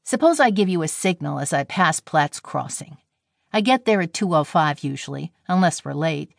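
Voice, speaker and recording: A woman's voice: sits low, expressive, moderate pace, vocal fry, no room sound, studio quality. A woman voicing a breezy young railroad engineer. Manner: slangy, cheerful reassurance.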